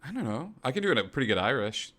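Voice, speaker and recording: A man chats as a player at a tabletop game, animated and quick to laugh, often breaking off mid-sentence. His voice is bright and jumps around in pitch. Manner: animated, laughing, self-interrupting. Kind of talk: casual game-table chat.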